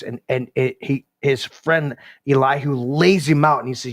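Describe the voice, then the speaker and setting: A man's voice: mid-range voice, steady tone, moderate pace, few pauses. A male podcast host giving an impassioned, preachy rant on a live show. He swears freely and acts out quoted voices.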